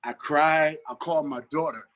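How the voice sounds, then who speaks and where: Middle-aged man, podcast guest, lively storyteller, slightly high voice, acts out dialogue. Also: normal speed. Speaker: actor and interview guest.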